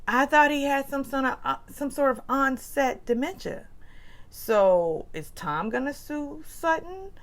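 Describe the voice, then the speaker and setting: A woman's voice: high voice, animated, unhurried. A woman hosting a casual reality TV recap with a chatty, gossipy manner. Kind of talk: casual commentary.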